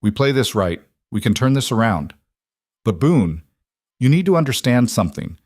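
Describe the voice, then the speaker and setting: A man voicing a steady, determined frontier marshal who speaks in a firm, measured, matter-of-fact way. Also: medium pitch, no room sound, studio quality.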